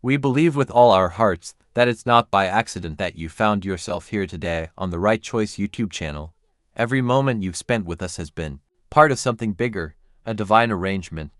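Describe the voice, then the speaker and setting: A man's voice: lowish voice, dry recording, clean studio sound. A man reading a scripted outro for the channel, earnestly thanking viewers.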